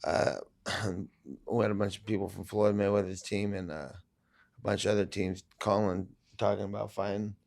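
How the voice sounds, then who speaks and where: Gravelly, laid-back male fighter. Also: lowish voice, level tone, moderate pace, a little mellow. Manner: profane, laid-back, rambling. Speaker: podcast guest, fighter. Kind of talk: casual storytelling.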